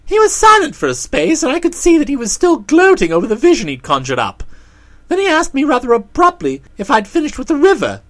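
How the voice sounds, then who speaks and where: A woman narrating a comic story in an audiobook, with lively storytelling. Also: high voice, a little fast.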